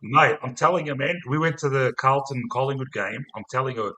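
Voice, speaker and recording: A man's voice: medium pitch, a little fast, a loud crowd, poor audio. An Australian man hosting a casual podcast chat, rowdy and sweary, ending nearly every line with "mate". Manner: rowdy, swears a lot, ends lines with "mate". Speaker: podcast host.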